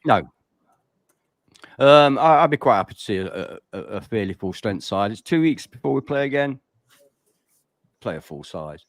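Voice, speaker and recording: A man's voice: lowish voice, expressive, normal speed, long pauses, no echo, studio quality. An English man with a blunt, teasing manner, chatting casually on a live fan stream. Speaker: panelist on a fan show.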